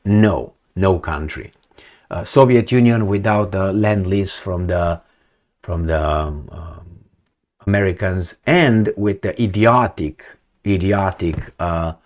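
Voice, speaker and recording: Deep-voiced man rambling opinionated commentary. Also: darkish tone. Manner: rambling, opinionated, many fillers and restarts. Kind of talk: casual unscripted commentary.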